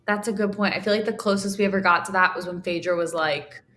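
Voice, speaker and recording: A woman's voice: medium pitch, quick pace. A young woman guesting on a podcast, chatting casually and peppering her talk with "like" as she acts out what others said. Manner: heavy use of "like", animated quoting of others. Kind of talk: casual chat.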